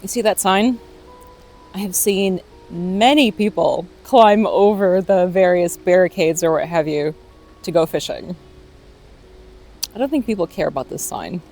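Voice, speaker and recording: American woman, about forty, casual vlog host; low, gravelly voice, playful and self-mocking. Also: a little slow, darkish tone, faint music behind. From United States. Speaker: vlogger host. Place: outdoors by the sea.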